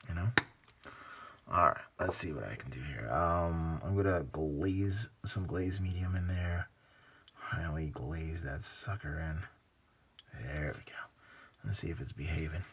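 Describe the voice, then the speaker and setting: Low-voiced man muttering while he paints. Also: breathy edge. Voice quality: mumbling, muttering to himself, drifts into whispers. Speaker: hobby painting channel host. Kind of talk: casual running commentary while painting.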